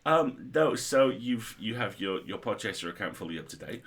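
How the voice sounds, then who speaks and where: A man hosting a livestream chat, an animated storyteller who acts out quotes. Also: on the low side, moderate pace, over a noisy crowd. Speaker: podcast host.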